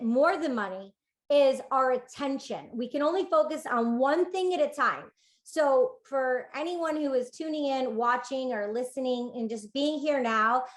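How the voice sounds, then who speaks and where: Upbeat woman with a fairly high voice. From United States. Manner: upbeat, playful, earnest. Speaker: podcast guest, coach. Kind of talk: casual interview chat.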